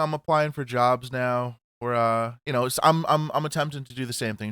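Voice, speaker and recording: A man co-hosting a casual podcast chat, rambling with restarts, swearing and laughing loudly. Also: mid-range voice, smooth, no echo, clean studio sound. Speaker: podcast co-host.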